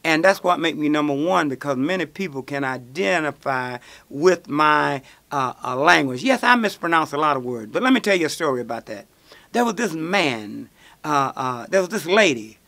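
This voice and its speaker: Animated storytelling man. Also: a little high, normal speed, vocal fry. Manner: animated storyteller, acts out quoted voices. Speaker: radio show host answering listener questions. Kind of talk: storytelling call-in answers.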